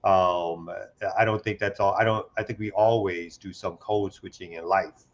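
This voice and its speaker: A man's voice: low-pitched, steady tone, normal speed. A man co-hosting a casual talk show, speaking in a loose, slangy way with frequent restarts and asides. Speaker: co-host. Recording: dull lo-fi sound.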